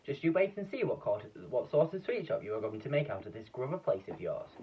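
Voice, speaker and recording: A man reading aloud, voicing a generous, excitable old Duke in a children's storybook. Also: medium pitch, brisk, breathy edge, voice pushed up. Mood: excited. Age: older. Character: old male giraffe-loving grand Duke, jolly and generous. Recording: dull, distant lo-fi recording.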